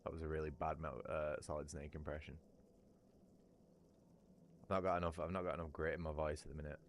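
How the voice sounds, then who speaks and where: A man's voice: rumbling low, flat delivery, fast talker, slight background noise. A man chatting casually from home while livestreaming a game, rambling and crude, often restarting his sentences and breaking into laughter. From Britain. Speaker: gaming livestreamer.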